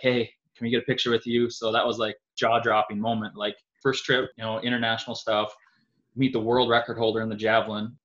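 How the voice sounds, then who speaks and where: A man's voice: medium pitch, fairly bright tone. A man from North Dakota, a javelin thrower, telling long stories in a casual interview with lots of fillers. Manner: rambling storytelling with many fillers. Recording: dull lo-fi audio.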